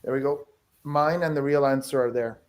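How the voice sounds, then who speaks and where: A man's voice: medium pitch, fairly even intonation, normal speed. A man on a video call hosting a party game, joking and urging the others on. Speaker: game host. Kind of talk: casual streamed chat.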